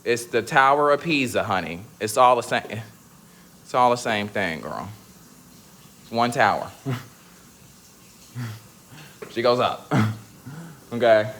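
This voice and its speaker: Sassy animated young man chatting. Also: slow pace, long pauses. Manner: sassy, animated, slangy, laughs a lot, high squeals. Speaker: vlogger. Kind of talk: casual chat to viewers.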